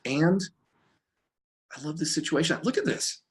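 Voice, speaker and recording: A man's voice: fairly high pitch, measured pace. A middle-aged man giving an informal dharma talk as a recovery meditation teacher, tired from poor sleep, meandering and heartfelt with frequent restarts, filmed on camera indoors in a friend's home. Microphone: camera in front of him.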